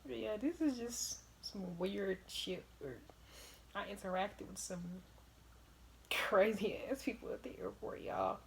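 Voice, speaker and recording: Young woman doing a storytime vlog, lively, laughs a lot, cusses, bit of background hiss. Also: medium pitch, unhurried, gravelly. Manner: animated, laughs often, swears freely. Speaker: vlogger telling stories. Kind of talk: casual storytime.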